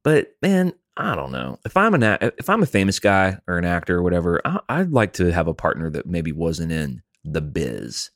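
Low-voiced man reading listener emails. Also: huge pitch swings, normal speed, hardly any pauses, no room sound, clean studio sound. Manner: loose, jokey, reads emails aloud. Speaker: podcast co-host.

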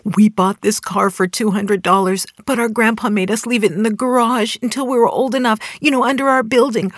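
A frightened teenage boy pleads his case, words tumbling out high and fast, as a woman storyteller puts him on. The voice climbs well above her usual register. The sound is dry with no room around it. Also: steady tone, no room sound, lightly acted. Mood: pleading. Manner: rushed, tearful pleading.

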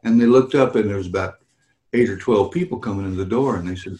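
Chatting with a fan on a video call, a man who hosts celebrity meet-and-greets tells stories fast in a fairly low voice, laughing often and acting out voices. The audio is reverberant.

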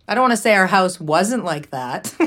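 A woman's voice: on the low side, fairly bright tone. A woman hosting a podcast in casual chat, teasing and blunt with a dry edge. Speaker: podcast host.

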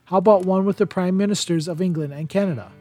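A man reading the lines of a brisk, businesslike woman chief of staff in an audiobook. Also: on the low side, mellow, soft background music, lightly acted.

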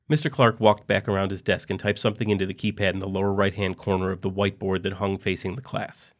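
A man narrating a story in a quiet, even reading voice. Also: sits low, fast, few pauses.

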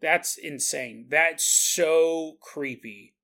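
A man hosting a solo podcast, telling a story in an animated way and laughing as he acts out quotes. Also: fairly high pitch, extremely slow, vocal fry. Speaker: podcast host. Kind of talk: casual solo podcast monologue.

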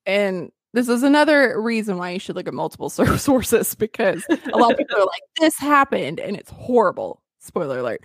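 Lively chatty woman podcaster. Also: mid-range voice, fairly quick, hardly any pauses, no room sound, clean studio sound. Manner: chatty, giggly, lots of fillers. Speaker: podcast host. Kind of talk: casual history podcast storytelling.

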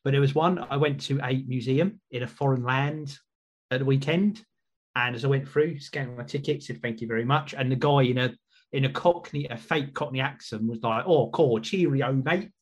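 Casual male podcast host, slightly husky, rambly and warm-paced. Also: medium pitch, moderate pace. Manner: chatty, rambling with restarts.

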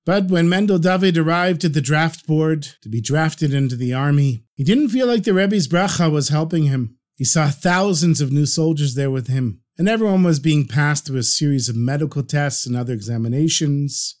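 A male storyteller with a fairly high voice narrates expressively and changes his voice for the characters. His delivery is lively and engaged.

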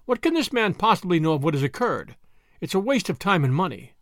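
A man's voice: high voice, very animated, fairly quick, no room sound, clean studio sound. A man reading a peevish old miser. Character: grumbling, miserly older male client.

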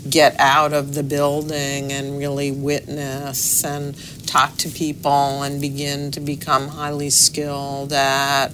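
A middle-aged woman, a newspaper's executive editor, answering interview questions in a measured, thoughtful way with pauses and fillers. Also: rumbling low, monotone, fairly bright tone, faint music behind.

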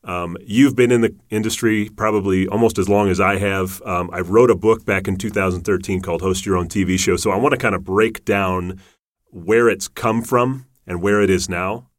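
A man's voice: sits low, steady tone, normal speed, no room sound, studio quality. A man hosting a podcast interview, enthusiastic and emphatic, his voice rising at his points. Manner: enthusiastic, emphatic, building up to loud punchlines. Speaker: podcast host.

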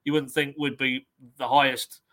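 A football reporter talks through a match on a podcast in a measured way, sometimes reading quotes from his notes. His voice is bright and forceful. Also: medium pitch, little pitch movement. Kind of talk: casual football podcast analysis.

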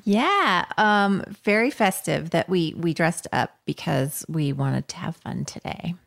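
A woman with a gravelly edge to her mid-pitched voice chats casually as a podcast co-host. She talks over a video call, quick with asides and laughs. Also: expressive, a bit bright. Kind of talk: casual chat.

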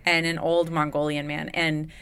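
A woman's voice: low-pitched, flat delivery, moderate pace, a bit bright, clear, resonant tone. A woman hosting a recovery podcast in a booth, in playful, jokey casual chat. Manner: playful, jokey, laughs often. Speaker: podcast host. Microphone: studio mic.

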